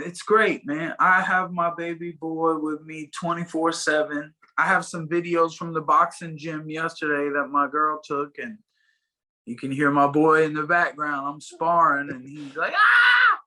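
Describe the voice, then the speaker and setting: A man's voice: fairly high pitch, little pitch movement, unhurried, pushed and bright, low-quality recording. A man being interviewed as a fighter guest, talking casually and rambling with many fillers and restarts over a video call.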